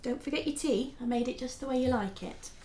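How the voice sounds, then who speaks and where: Actress as a teasing inner voice in a radio play, high bright voice, roomy echo. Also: female voice, brisk, a little hiss or hum, natural voice. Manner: teasing, playful. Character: teasing young woman, voice in his head.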